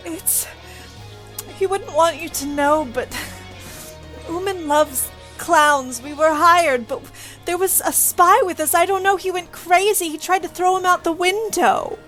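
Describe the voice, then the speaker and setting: A woman's voice: extremely high pitch, a little slow, fairly bright tone, faint music behind. A woman playing a character who pretends to be frightened in a tabletop game, pleading theatrically. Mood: mock scared. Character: Deirdre, a woman feigning fear. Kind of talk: tabletop role-play.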